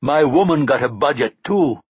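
A man's voice: mid-range voice, lively intonation, normal speed, slightly rough, dry recording, voice pushed up. A man voicing a brash male taxi driver with a put-on Jamaican accent and a teasing, sing-song manner.

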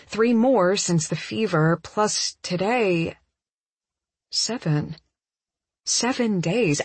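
A woman narrating a first-person audiobook in an intimate, emotional, measured way. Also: medium pitch, slightly rough, dry recording.

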